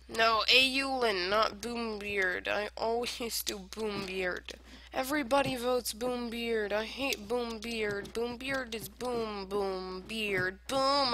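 A woman giving casual gameplay commentary, rambling in silly self-talk and arguing with herself, swinging between whispered asides and loud outbursts. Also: on the high side, slow pace. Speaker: gamer playing online survival matches. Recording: noisy home recording with clicks.

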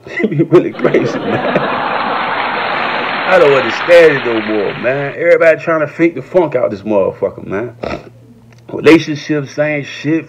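A man doing a profane, rambling comedy rant that jumps into high, shouted quotes. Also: highs cut off, a little hiss or hum. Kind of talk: stand-up style comedy rant.

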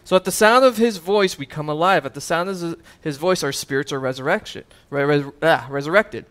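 Animated preaching man, fairly high voice. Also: a little fast. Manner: animated preaching, rising to emphatic peaks; conversational asides with fillers and chuckles. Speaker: pastor. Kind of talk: sermon.

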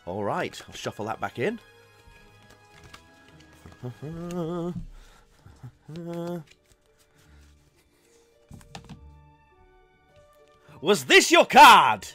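Smug male stage magician, played by a man, hushed mock-mysterious patter, slow, lively pitch. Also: soft background music, full character voice. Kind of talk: comic bit during a board game.

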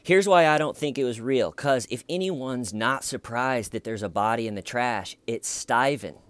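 A man's voice: medium pitch, normal speed, no echo. A man giving casual, sarcastic commentary on a YouTube video, joking and conversational. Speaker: YouTube true-crime commentator.

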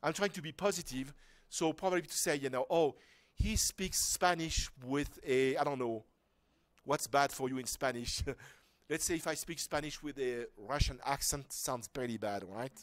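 A man's voice: mid-range voice, moderate pace, no echo. A man giving an informal lecture to a workshop class, talking casually with restarts and asides. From France. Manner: conversational, rambling with restarts and rhetorical questions.

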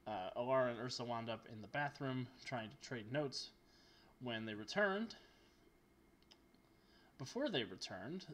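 A man narrating as game master in a tabletop game, lively and joking. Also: mid-range voice. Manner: animated and joking.

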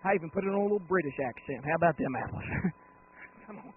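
A man preaching a holiness sermon. He tells folksy, humorous stories and swings from low talk to rising, shouted, drawn-out cries. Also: a little hiss or hum. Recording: tinny phone-like lo-fi recording.

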